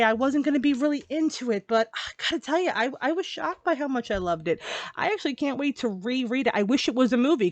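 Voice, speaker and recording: Woman, book review vlog, gushing and animated, casual swearing, high-ish voice, dry close recording. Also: no room sound.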